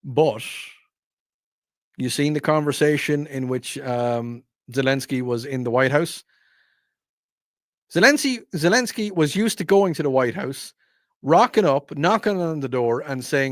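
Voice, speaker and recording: A man's voice: on the high side, lively intonation, a little slow, no room sound, studio quality. A man hosting, delivering a rambling, wry, opinionated monologue full of asides. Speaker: host. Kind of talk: opinionated radio-style monologue.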